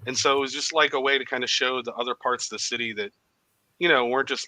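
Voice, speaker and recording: A man's voice: medium pitch, steady tone, quick pace, sharp tone, dry recording, poor audio. A man who has written a book, chatting as a podcast guest over a video call, rambling with plenty of fillers. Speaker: author and guest. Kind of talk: casual chat.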